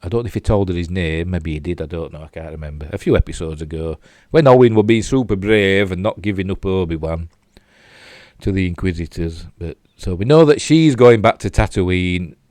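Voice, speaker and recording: Deep-voiced older Yorkshire man, chatty. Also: lively intonation, fairly quick, darkish tone, dry recording, clean studio sound. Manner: chatty and self-mocking, with frequent fillers and asides. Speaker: TV show reviewer. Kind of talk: casual rambling review while replaying clips.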